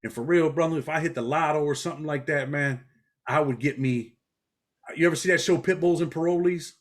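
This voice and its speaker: A man's voice: fairly high pitch, fairly quick. A middle-aged man from New York, a former prisoner talking bluntly in a casual interview. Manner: blunt, street-talking, animated storytelling.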